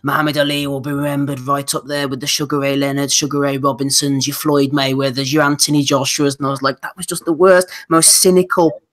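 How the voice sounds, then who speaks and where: A man's voice: medium pitch, level tone, a little fast, a bit bright. A man hosting a casual boxing podcast, reading out listener nominations with dry asides. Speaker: podcast host.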